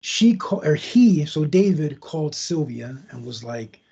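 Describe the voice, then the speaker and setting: A man's voice: a little high, expressive, a little slow, dark tone, slightly rough, muffled recording. A man hosting a podcast, casually retelling a true crime story in a loose, conversational way with asides. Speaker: podcast host.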